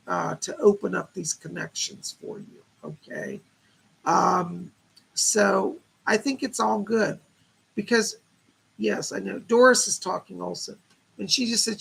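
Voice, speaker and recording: A man's voice: high voice, gravelly, fairly bright tone, slightly rough. A man hosting a live stream, giving psychic readings in a chatty, reassuring way and passing on messages from spirits. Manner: chatty, relays spirit messages and reads viewer questions aloud. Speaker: psychic medium host.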